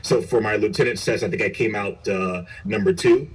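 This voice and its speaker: A middle-aged man, a police chief, telling his story in an interview, earnest and halting with frequent restarts. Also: fairly low pitch, steady tone, slightly rough. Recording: recorded far from the mic.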